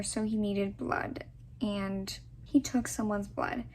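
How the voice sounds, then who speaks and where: A young woman chatting casually in a reading vlog, gushing about books, sometimes dropping to soft half-whispered asides. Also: medium pitch, animated, slow pace, slight background noise, low-quality recording. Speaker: book vlogger.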